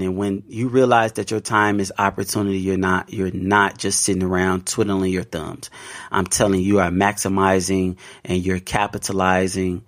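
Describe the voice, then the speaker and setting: A man hosting his own podcast, giving a casual motivational talk to his listeners. He is animated and preachy, laughs a lot, uses slang, and repeats phrases for emphasis. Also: medium pitch. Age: adult parent. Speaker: podcast host.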